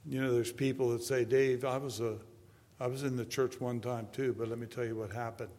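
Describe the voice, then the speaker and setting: A man in his seventies preaching a sermon, moving between quiet storytelling and loud, emphatic preaching. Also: mid-range voice, flat delivery, brisk. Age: 70s. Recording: long hall reverb.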